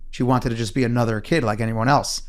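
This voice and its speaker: A man's voice: mid-range voice, steady tone. Reflective man co-hosting an interview. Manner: reflective, speaks of faith, unhurried. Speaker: podcast co-host.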